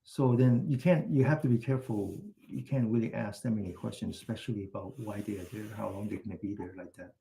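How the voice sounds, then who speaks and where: Man, meditation teacher, mellow warm tone, gentle slow instructions, chatty asides. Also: on the low side, fairly even intonation, vocal fry. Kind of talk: guided exercise and anecdote in a class.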